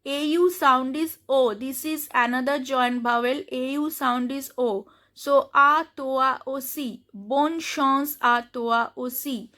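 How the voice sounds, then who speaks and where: A high, bright woman's voice with an Indian English accent. She teaches at an unhurried pace, spelling out letters and repeating each word slowly for her learners. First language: Hindi. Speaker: French teacher. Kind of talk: slow step-by-step pronunciation lesson.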